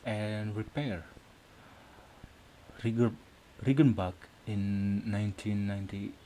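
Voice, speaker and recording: Slow, hesitant man presenting a lesson. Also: lowish voice, mellow, a little hiss or hum, poor audio. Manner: hesitant, many fillers and restarts. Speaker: student presenter. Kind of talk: academic presentation.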